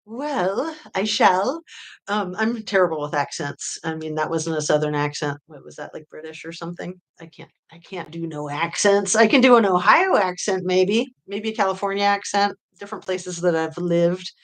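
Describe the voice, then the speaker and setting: A woman with a somewhat low voice talks loosely to her live viewers. She rambles, fills her pauses with ums and uhs, and reads out comments as a true crime host. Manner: chatty, rambling with many fillers. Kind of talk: casual chat with live chat readers.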